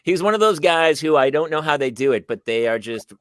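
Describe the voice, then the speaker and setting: A middle-aged man hosting a livestreamed comedy talk show. His voice sits a bit high, and he talks fast in a jokey, teasing way. He comes through a video call. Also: expressive, dry recording, studio quality. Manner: jokey, quick, bantering.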